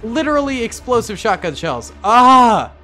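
A young man giving excitable let's-play commentary, yelping and laughing often. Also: a little high, normal speed. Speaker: gaming YouTuber.

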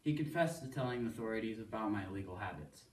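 A man reading a first-person poem aloud as a student, in a steady, earnest storytelling delivery. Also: on the low side, fast, slight background noise. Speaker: student reader. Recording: echoey room, voice from far off.

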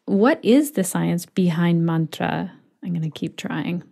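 A woman's voice: on the low side, lively intonation, unhurried, creaky, dark tone. A woman hosting a podcast interview, encouraging and appreciative toward her guest. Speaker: podcast host. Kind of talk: interview host.

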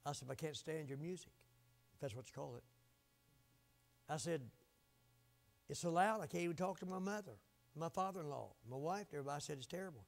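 An older male preacher with a gravelly, rough-edged voice pitched a little high. He delivers a fiery revival sermon, hollering some lines and dropping others to a hush. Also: quick pace, long pauses. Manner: swings from shouting to quiet low asides.

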